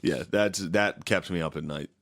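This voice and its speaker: Male comedy podcast co-host, very deep voice, dry close mic, deadpan and profane. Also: normal speed, no echo. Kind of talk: casual comedic chat.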